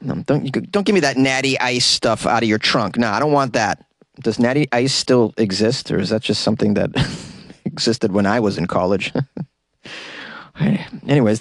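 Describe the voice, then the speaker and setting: A man's voice: medium pitch, dry recording, studio quality. A man hosting a comedic news podcast from a closet, joking in asides as he reads stories. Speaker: podcast host. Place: closet in a home.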